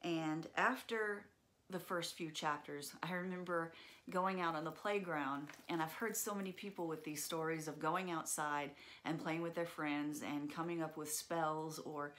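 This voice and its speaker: Low-voiced woman telling a personal story. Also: steady tone, a little slow, fairly bright tone. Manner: earnest, reflective, with frequent fillers.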